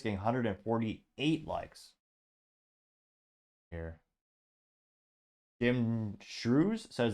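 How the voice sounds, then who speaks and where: A male show host reading out social media comments and tallying their likes, dropping sarcastic asides between them. His voice sits on the low side, and his delivery is wry and casual. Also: moderate pace, pauses often, a little mellow. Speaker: podcast host.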